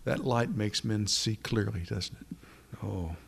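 A man preaching an earnest sermon to a small evening gathering, with measured, drawn-out emphasis and a closing prayer. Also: fairly low pitch, gravelly, a bit bright, a little hiss or hum.

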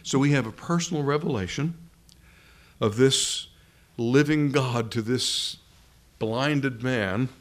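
An earnest male preacher giving a sermon before a room full of listeners. He speaks at a middle pitch and leans hard on key phrases. He slows right down when he wants something to land. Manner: earnest, emphatic, slows words for stress. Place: room with a live congregation.

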